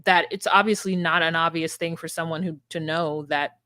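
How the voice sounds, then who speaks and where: A woman co-hosting a podcast, retelling and reacting in casual chat, emphatic and animated, with frequent fillers. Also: low-pitched, normal speed, smooth, no room sound, studio quality.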